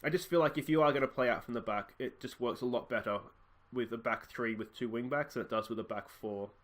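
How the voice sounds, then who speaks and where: A man's voice: medium pitch, a little fast. Chatty man commentating a football game. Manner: chatty, musing, bursts of excitement. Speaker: let's play host.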